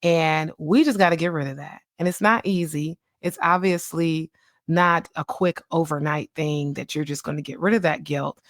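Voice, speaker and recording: A woman in her thirties hosting a podcast as a child psychiatrist, talking in a chatty, animated way and laughing easily. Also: low-pitched, dry recording, clean studio sound. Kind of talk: casual solo podcast talk.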